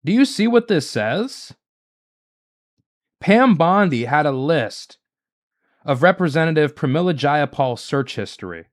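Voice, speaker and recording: A man's voice: a little high, sing-song, unhurried, pauses often. A man hosting a solo political commentary show, talking in an indignant, emphatic way and piling up rhetorical questions.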